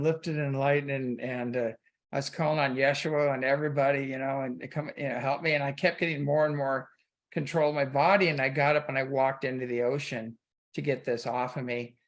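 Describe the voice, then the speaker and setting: A man's voice: mid-range voice, a bit bright. A man hosting a talk radio show, telling a personal story in loose, casual conversation full of "you know".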